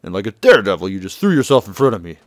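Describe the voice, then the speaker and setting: A man's voice: on the low side, very animated, very fast, no echo, studio quality. A man loosely paraphrasing a tough, stern male ex-yakuza mentor lecturing a younger man, in a casual game recap.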